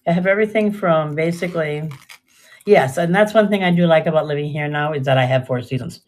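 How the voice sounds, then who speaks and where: A woman's voice: sits low, brisk, a little mellow. An older woman chatting casually and rambling through a live jewelry sale, often trailing off mid-sentence. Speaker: live-stream jewelry seller.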